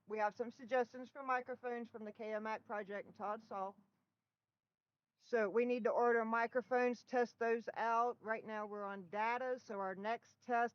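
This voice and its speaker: A woman's voice: fairly high pitch, dry recording, highs cut off. A middle-aged woman hosting a casual live stream from home, chatting with viewers and often breaking into laughter, recorded on a laptop mic. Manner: giggly, bursts of laughter. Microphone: built-in laptop microphone.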